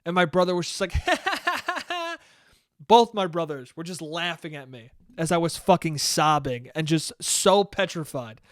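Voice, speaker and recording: A man's voice: a little high, moderate pace, hardly any pauses, no echo, clean studio sound. A man in his twenties hosting a solo podcast, talking in a rambling, profane, jokey way with many restarts. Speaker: podcast host.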